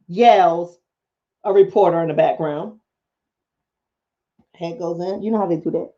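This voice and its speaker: A woman's voice: lowish voice, unhurried, long pauses, dark tone, highs cut off. A woman vlogger, talking emphatically and preachily straight to her viewers in a casual commentary monologue.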